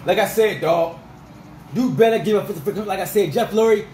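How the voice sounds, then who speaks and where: A man ranting as a sports fan vlogger, fired up and repetitive, his voice going rough. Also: high voice, a little fast, darkish tone, roomy sound, a little hiss or hum, low-quality recording. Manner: fired-up, repetitive, peppered with 'freaking' and 'dog'.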